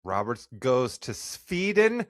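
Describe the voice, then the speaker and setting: Guy hosting a sports podcast, mid pitch, dry close sound, upbeat and chatty. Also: very animated, slow, no room sound. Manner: upbeat, loses his train of thought. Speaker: podcast host. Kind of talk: casual sports chat.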